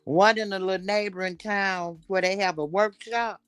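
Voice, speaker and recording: A woman hosting a casual chat, blunt and animated as she gossips. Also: mid-range voice, normal speed, clear, resonant tone, dry recording. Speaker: show host.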